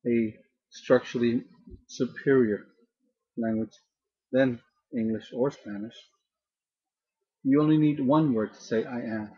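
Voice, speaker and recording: Slow, husky male language teacher. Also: mid-range voice, steady tone, muffled recording. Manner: slow, repeats each word to drill pronunciation. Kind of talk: slow spoken grammar lesson.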